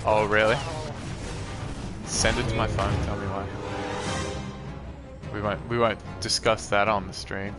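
A man's voice: lowish voice, little pitch movement, measured pace, long pauses, over loud music. A man hosting a live gameplay stream in a casual, chatty way, talking to viewers and reacting to the game as he plays.

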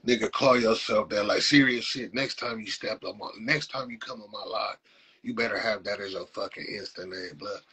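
A man's voice: fairly low pitch, moderate pace, pushed and bright, slightly rough, low-quality recording. A man from Compton in Los hosts a live stream, mocking viewers in profane, casual talk with frequent laughs. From Compton, Los Angeles.

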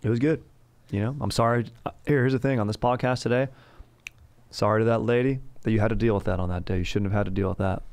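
Gravelly podcast host. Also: male voice, on the low side, steady tone, fast talker, darkish tone, dry recording. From Southern California. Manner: rambling, slangy, crude. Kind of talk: comedic history podcast.

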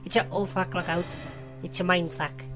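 A woman's voice: lowish voice, steady tone, normal speed, a bit bright, faint music behind. A woman giving sweary, jumpy commentary over a horror game, laughing at the scares. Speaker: let's play gamer.

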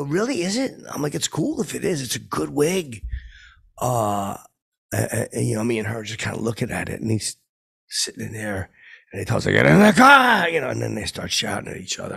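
A man voicing a tired, rambling, washed-up middle-aged pop singer with a gravelly, raspy voice, in an improvised comedy monologue. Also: medium pitch, fairly bright tone, heavily acted. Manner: rambling, drifting, mumbled asides. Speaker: comedy character host.

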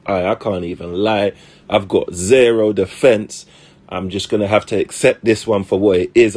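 Husky young man, mock-dramatic. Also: lowish voice, darkish tone. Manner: mock-dramatic, self-mocking, slangy. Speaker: host. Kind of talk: comic commentary.

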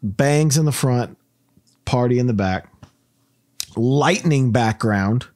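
A man's voice: medium pitch, takes it slowly, a little mellow, no room sound, studio quality. A man hosting a casual podcast, telling rambling stories and laughing through his own jokes. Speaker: podcast host.

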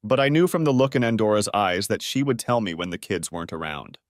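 A man narrating a first-person story in an expressive reading voice. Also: lowish voice, fast talker, no room sound, studio quality.

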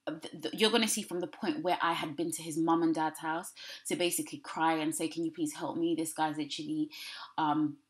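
A woman's voice: low voice, fairly bright tone. A young British woman vlogger rambling through a story-time commentary, with many fillers and blunt, sarcastic asides. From United Kingdom. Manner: rambling, many ums and restarts.

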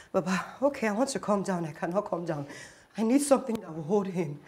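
A woman's voice: medium pitch, expressive, a little fast, darkish tone, close to an everyday voice. An actress playing a jealous, desperate young woman who fights and pleads. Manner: combative and pleading.

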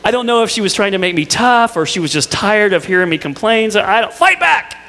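A man's voice: high voice, fast, fairly bright tone, in a large hall. A middle-aged male pastor preaching a sermon, telling family stories with playful asides to the congregation. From Indiana. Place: church sanctuary.

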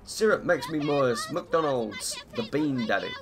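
A man with a croaky voice chatting through live gameplay commentary, greeting viewers and humming between lines. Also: mid-range voice, lively intonation, a little slow, background noise. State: hoarse, croaky voice. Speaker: game streamer. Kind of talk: live gameplay commentary, reading chat aloud.

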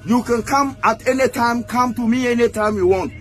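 A man's voice: extremely high pitch, normal speed, soft background music. A man, making an insistent public statement and ending his lines with "okay?". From Ghana. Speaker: man claiming to be a footballer's father.

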